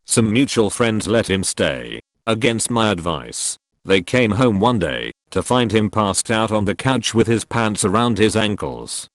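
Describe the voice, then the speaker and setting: A man narrating forum stories in a steady, even scripted read. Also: on the low side, measured pace, hardly any pauses, no room sound.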